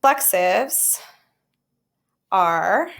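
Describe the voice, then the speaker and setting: A woman's voice: mid-range voice, expressive, drawn-out words, creaky, a bit bright. A woman teaching a recorded Spanish grammar lesson with jokey, playful asides.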